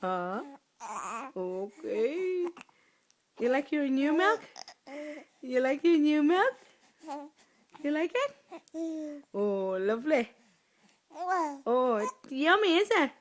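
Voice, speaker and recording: A woman's voice: sits high, sing-song, extremely slow, long pauses, fairly bright tone. A woman talking baby talk to her infant son, cooing and asking the same short questions over and over.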